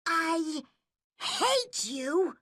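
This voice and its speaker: A shrill, tearful orphan girl. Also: animated, very slow, dry recording, studio quality, full character voice. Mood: furious. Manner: shrill, shouting through tears. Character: fierce hurt orphan girl with red hair.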